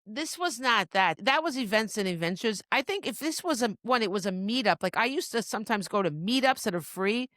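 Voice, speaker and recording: A woman's voice: fairly high pitch, expressive, brisk, few pauses, a bit bright, no room sound, clean studio sound. A middle-aged woman co-hosting a podcast, chatting casually in rambling, restarting sentences and laughing easily. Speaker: podcast co-host. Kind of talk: casual chat.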